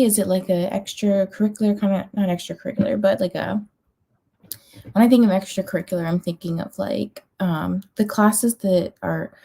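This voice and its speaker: Sleepy lady chatting with her stream, mellow soft tone, lots of ums and likes, laughs a bit. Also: fairly low pitch. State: sleepy, yawning. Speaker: livestream host of reading sprints. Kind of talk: casual chat reading out viewer comments.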